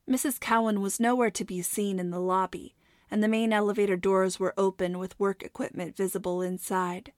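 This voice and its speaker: A woman narrating a storybook in a steady, measured way. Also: medium pitch, no echo, clean studio sound. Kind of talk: audiobook narration.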